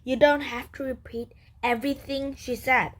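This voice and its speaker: A fussy, doting old cat who is somebody's great-grandfather, read by a woman. He speaks slowly and carefully, in a children's storybook reading. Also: fairly high pitch. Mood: irritated. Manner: reading a talking-cat dialogue aloud in a lightly lifted voice. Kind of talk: children's book read aloud.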